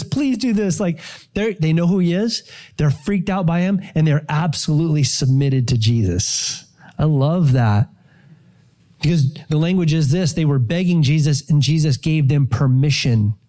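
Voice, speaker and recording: A man preaching a sermon in a casual, animated storytelling way, acting out quotes as he goes. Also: sits high. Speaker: pastor.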